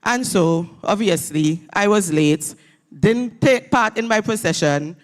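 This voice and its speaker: Slow, emphatic woman giving a graduation speech. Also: medium pitch, lively intonation. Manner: emphatic, leads call and response with the audience. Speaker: graduation guest speaker. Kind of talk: motivational graduation address. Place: church hall at a graduation ceremony.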